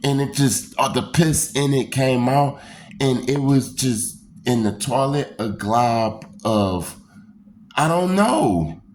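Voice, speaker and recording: A man's voice: medium pitch, slow. A man casually telling a personal story in loose, repetitive phrasing, acting out the screams and voices in it. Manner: animated, acts out screams and quoted voices. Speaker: storyteller recounting a personal experience.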